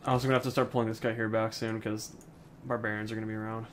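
A man's voice: lowish voice, level tone, racing, slight background noise. A young man casually commentating a strategy game, brash and joking, swearing freely. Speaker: gameplay commentator. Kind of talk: casual let's-play chat.

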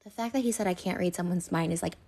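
A woman's voice: fairly low pitch, fast talker, gravelly, dark tone, breathy edge. A woman in an emotional rant straight to camera, upset and hurt, rambling with lots of "like" and restarts. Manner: rambling, filler-heavy, restarts and repeats. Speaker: internet personality.

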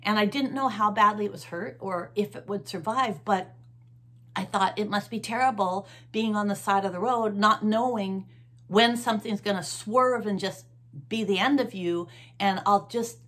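A middle-aged woman hosting her own show, casually telling a story, animated and acting out sounds and gestures. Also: medium pitch, moderate pace. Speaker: host.

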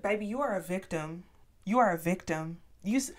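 A woman's voice: medium pitch, expressive, fairly quick. Blunt, profane woman vlogger. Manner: switches between hushed and loud emphatic delivery. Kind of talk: candid personal storytelling and commentary.

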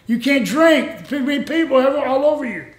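A man in his sixties voicing a gruff, stubborn giant who speaks in slow, broken English. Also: very high-pitched, lively intonation, echoey room, voice pushed up.

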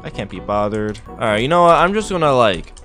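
A man's voice: medium pitch, big pitch swings, a little fast, a bit bright, soft background music. A young man giving gameplay commentary, exasperated and incredulous, tossing "bro" into most lines. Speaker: gaming YouTuber.

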